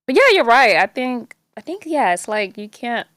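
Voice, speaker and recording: A woman talking as a guest on a podcast, animated, laughing often and dropping in a French phrase. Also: a little high, normal speed, no echo, studio quality. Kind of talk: casual chat.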